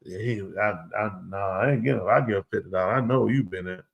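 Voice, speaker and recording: Hosting a live comedy show, a man with a lowish, gravelly, fairly bright voice riffs loosely at a fairly quick pace. This comedic talk show host acts out both sides of a conversation in slang for the audience.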